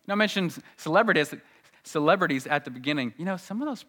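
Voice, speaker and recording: A man preaching a sermon, dropping to a hushed low voice and then rising loud and high for emphasis. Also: expressive, a little fast.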